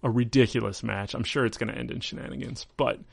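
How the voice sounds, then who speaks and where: A man's voice: mid-range voice, fairly even intonation, fast, vocal fry, slightly rough, dry recording, studio quality. A man hosting a podcast, chatting casually through a recap in a rambling, amused way and correcting himself as he goes. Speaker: podcast host. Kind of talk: casual wrestling recap chat.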